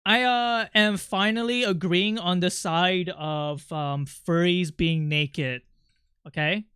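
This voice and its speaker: Bright, crisp-voiced rambling male streamer. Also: high-pitched, steady tone, slow, no echo, studio quality. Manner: rambling, chatty, with many fillers and restarts. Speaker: livestreamer. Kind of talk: casual stream chat.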